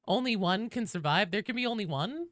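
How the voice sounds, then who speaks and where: Woman streamer chatting with chat, swears a lot, bouncy pitch, dry close sound. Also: animated, a little fast, a bit bright, dry recording. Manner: chatty, swears casually, greets viewers in a high sing-song. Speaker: game streamer. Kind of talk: casual livestream chat while gaming.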